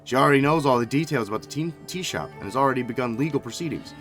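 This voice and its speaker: A man's voice: medium pitch, animated, racing, fairly bright tone, soft background music, pitched above the performer's own voice, lightly acted. A man voicing a smug wealthy lord. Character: pompous wealthy middle-aged lord, smug father.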